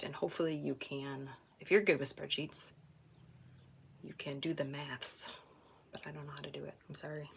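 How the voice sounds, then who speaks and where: A woman hosting a knitting podcast, chatting casually and self-deprecatingly, often trailing off into soft asides. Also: low voice, creaky, breathy edge. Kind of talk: casual stash-tracking chat.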